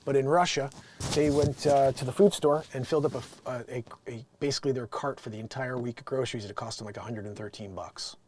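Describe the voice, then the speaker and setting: A man from New Jersey hosting a show, chatting casually and rambling with many restarts and lively swings. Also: mid-range voice, fast talker, breathy edge. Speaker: show host. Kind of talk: casual commentary.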